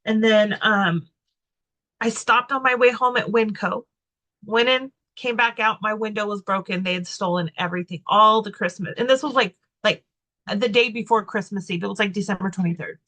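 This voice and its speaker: A woman's voice: mid-range voice, normal speed, bright, forceful tone. A woman co-hosting a podcast, telling a personal story in casual chat, rambling with lots of fillers and restarts, candid and self-mocking. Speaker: podcast co-host.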